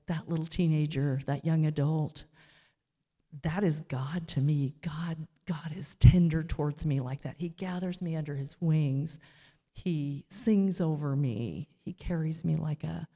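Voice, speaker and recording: A woman's voice: low voice, dark tone. A middle-aged woman giving an informal, heartfelt church talk with frequent fillers, ending in a prayer. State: near tears while telling a story. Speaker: church speaker. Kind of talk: informal sermon closing with a prayer. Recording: long hall reverb.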